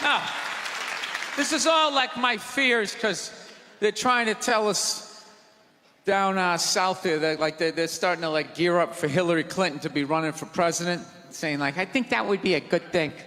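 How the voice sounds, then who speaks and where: A man doing stand-up comedy on a large theater stage, ranting loudly, sarcastic and profane. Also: high voice, fairly even intonation, unhurried. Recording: live theater reverb, crowd noise.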